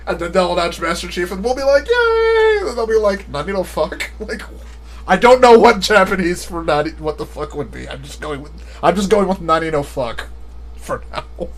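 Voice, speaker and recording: A man chatting casually on a live stream, rambling and often laughing at his own jokes. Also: sits high.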